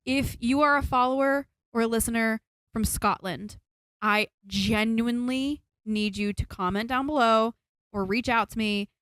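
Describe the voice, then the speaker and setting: A young woman with a slight Southern US accent co-hosting a casual chat podcast, chatty and quick to laugh at herself. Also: a little high, a bit bright, no room sound. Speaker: podcast co-host.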